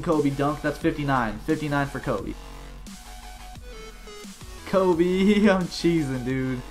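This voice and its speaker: A man calling his own basketball video game match, bouncing between hyped cheers and offhand slangy asides. His voice swoops widely in pitch, and faint music sits in the background behind his desk mic. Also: unhurried, pauses often. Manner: excitable, cheering and shouting at plays; casual slangy banter with laughs. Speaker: gaming channel host. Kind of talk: gameplay commentary.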